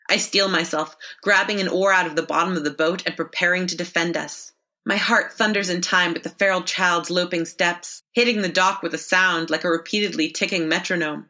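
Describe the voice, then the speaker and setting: A woman reading a horror story in the first person, measured and expressive. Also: fairly low pitch. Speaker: story narrator. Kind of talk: scripted first-person narration.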